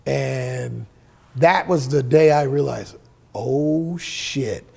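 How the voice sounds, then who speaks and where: Gravelly middle-aged man telling stories. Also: medium pitch, very slow. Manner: profane, animated storyteller who acts out quoted dialogue. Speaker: interview guest, musician. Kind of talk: casual storytelling interview.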